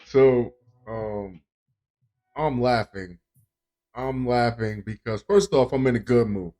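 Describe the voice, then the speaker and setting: A man's voice: medium pitch, slow pace, noisy background. A man hosting a podcast in casual chat, rambling and joking with frequent chuckles. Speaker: podcast host.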